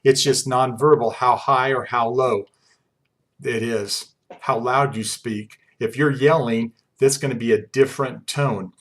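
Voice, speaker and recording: Fast-talking male lecturer in his forties. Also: mid-range voice, steady tone. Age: 40s. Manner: fast-talking, conversational, uses personal anecdotes. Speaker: college communication instructor. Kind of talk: classroom lecture.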